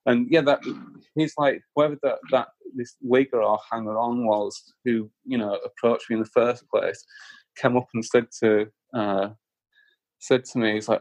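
A man at a middle pitch tells a long story on a podcast, wandering through it with fillers and restarts. He puts on other people's voices when he quotes them. The sound is close and dry, with no room around it. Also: steady tone, moderate pace, no echo. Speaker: musician guest. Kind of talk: casual storytelling.

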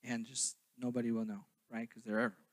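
A young man from southern Minnesota preaching a sermon, then telling his own story in a quieter, halting way. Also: mid-range voice, flat delivery. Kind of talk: sermon with personal testimony.

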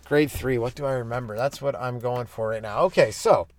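A young Canadian man with a mid-range voice and fairly quick delivery is a stand-up comedian telling rambling, profane childhood stories on his own solo podcast. He's loose, hopping between goofy bits and stories.

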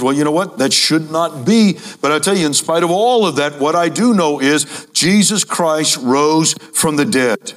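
A man preaching a sermon to a congregation, emphatic, repeating key phrases and speaking to the audience as ladies and gentlemen. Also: on the high side, animated, normal speed, hardly any pauses.

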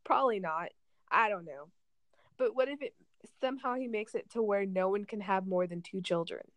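A woman's voice: medium pitch, normal speed, no room sound. A woman in casual conversation, rambling and chatty and laughing often. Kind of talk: casual chat.

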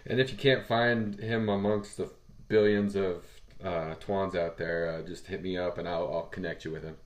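A man hosting a casual podcast interview, friendly and quick to laugh. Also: low-pitched, steady tone. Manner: laughs often, friendly, calls guest "man". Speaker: podcast host.

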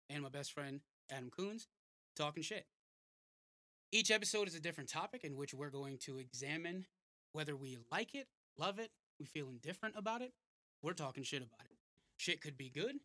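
A man's voice: fairly high pitch, pushed and bright, no echo, studio quality. A man in his thirties hosting a casual podcast, joking, laughing and swearing freely. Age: 30s. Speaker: podcast host.

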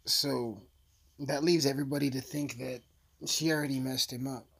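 A man's voice: medium pitch, fairly even intonation, moderate pace, gravelly, fairly bright tone, slightly rough. A man giving a casual, blunt, profane recap of a crime case, rambling as he goes. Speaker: true-crime commentator.

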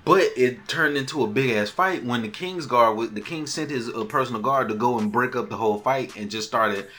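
A man hosting a podcast, recapping a TV episode in a loose, animated way and acting out the characters' lines. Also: mid-range voice, fairly quick. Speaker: podcast host.

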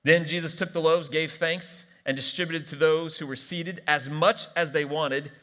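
A man preaches to his congregation, reading scripture and dropping in wry jokes between points. His voice sits a little high and comes across bright and forceful. The room behind him rings with a long hall reverb. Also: steady tone, normal speed. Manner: playful, joking asides between scripture reading. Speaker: pastor. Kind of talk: sermon. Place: large church hall.

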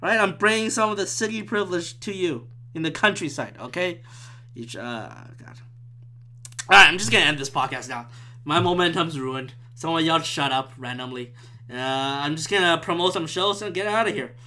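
Male podcast host, bright sharp tone, agitated and profane, loud bursts then mutters. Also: fairly high pitch, expressive, normal speed. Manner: agitated, profane, swings between loud outbursts and muttered whispers. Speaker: podcast host and stand-up comedian. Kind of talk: rambling solo podcast rant. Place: room at home with a window.

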